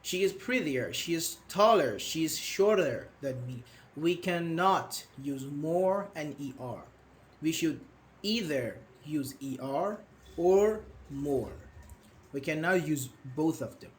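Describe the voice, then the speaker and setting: A young man teaching English grammar in a live online class, patient and questioning, repeating words slowly. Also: fairly high pitch, animated, a little hiss or hum.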